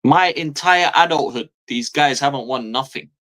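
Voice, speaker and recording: A man's voice: medium pitch, moderate pace, fairly bright tone. Ranting man in his thirties. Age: 30s. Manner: ranting, exasperated, heavy swearing, repeats phrases for emphasis. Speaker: football fan streamer. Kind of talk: angry fan rant.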